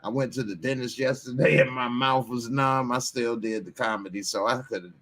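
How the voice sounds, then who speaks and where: A man's voice: medium pitch, fairly quick, fairly bright tone. A man hosting a casual live stream, laid-back and chuckling as he greets chatters. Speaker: livestream host.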